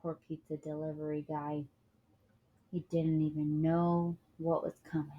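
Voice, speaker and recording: A woman reading a picture book aloud with lively expression, dropping casual asides to her listeners. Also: low voice, a little slow, narrow, tinny audio. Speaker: storyteller.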